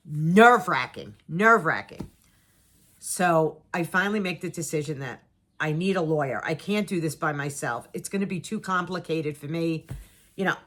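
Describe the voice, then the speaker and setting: Animated middle-aged woman telling a story. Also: deep voice, normal speed. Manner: animated, dramatic, acts out her own and others' lines; repeats words for emphasis. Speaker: vlogger telling a personal story. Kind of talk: casual storytelling to camera.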